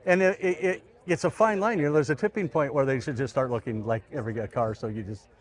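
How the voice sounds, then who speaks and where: Halting, joking car designer, a man. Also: on the high side. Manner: halting, repeats words, joking. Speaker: car design director, interview guest. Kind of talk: casual interview.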